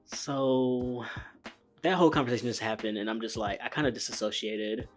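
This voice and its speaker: A man hosts a reaction video and talks at a mid pitch in a chatty, blunt and joking way. His casual commentary is quick to judge the characters. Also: fairly even intonation, faint music behind.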